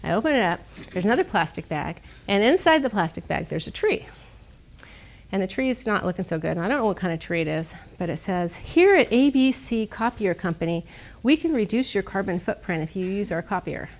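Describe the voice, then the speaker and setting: Animated, snarky woman telling a story. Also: medium pitch, brisk. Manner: animated, snarky, laughs often. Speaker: guest speaker. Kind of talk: casual storytelling talk. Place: lecture room.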